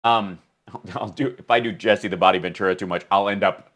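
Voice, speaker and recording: A man's voice: lowish voice, fairly even intonation, fairly quick, fairly bright tone. A man hosting a live political comedy stream, joking and swearing as he rambles. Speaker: host.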